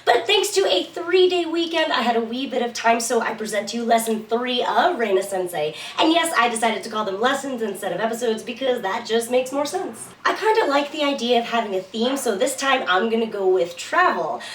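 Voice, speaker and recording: Brief: young female host, lively and playful, high voice, teaching Japanese phrases, recorded a bit off-mic in an echoey room. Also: a little fast, hardly any pauses, far from the mic, slight background noise. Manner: playful, switches between English and Japanese. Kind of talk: casual language lesson.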